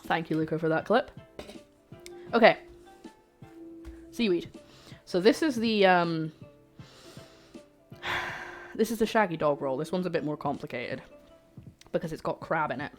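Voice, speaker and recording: Cooking on a livestream, this Scotland-based woman chats casually with her viewers, cracking jokes and teasing herself. Her voice is low-pitched and a little slow, with frequent pauses, and soft music plays in the background.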